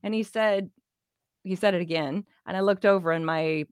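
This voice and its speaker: A middle-aged woman with a fairly low voice tells her story as an interview guest, animated and casual, often playing out what people said. The sound is dry and close, with no room echo. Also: normal speed, smooth. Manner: animated, acts out quoted dialogue, laughs often. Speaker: interview guest, business owner.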